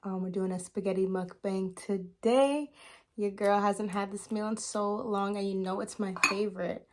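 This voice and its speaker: A woman's voice: mid-range voice, fairly even intonation, normal speed, a little mellow. A woman chatting casually to her viewers while eating on camera, drawing words out between bites, with her ear clogged and her hearing a little off. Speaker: mukbang vlogger. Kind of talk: casual mukbang chat to camera.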